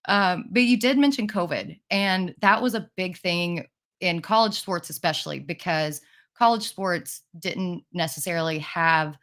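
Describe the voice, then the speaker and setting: Woman, interview host, enthusiastic, encouraging, somewhat low voice. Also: unhurried, fairly bright tone. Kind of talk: casual interview.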